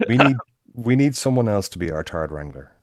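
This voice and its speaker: A man with a very low voice co-hosting a casual podcast chat. He rambles, stops to correct himself and swears freely. The sound is dry and close to the mic. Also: sing-song, a little fast, a little mellow, no room sound. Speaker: podcast co-host.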